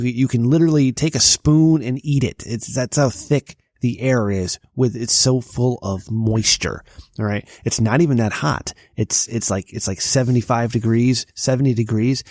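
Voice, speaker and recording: A man's voice: medium pitch, a little mellow, no echo. Ranting man podcaster, dry close sound. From Connecticut. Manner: ranting, exasperated, profane. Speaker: podcast co-host. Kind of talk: casual podcast banter. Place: basement at home.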